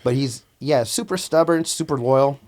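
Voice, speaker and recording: A man telling stories as a podcast guest, animated and profane, calling the host "bro" a lot. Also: mid-range voice, normal speed. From Antioch, California. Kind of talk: casual storytelling.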